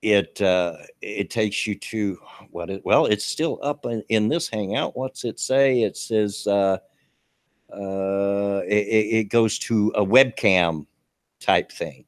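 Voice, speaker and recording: A man's voice: fairly low pitch, slow, no echo, clean studio sound. A man co-hosting a live stream, talking in a folksy, rambling way and laughing easily. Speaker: co-host of a live stream show. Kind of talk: casual live stream chat.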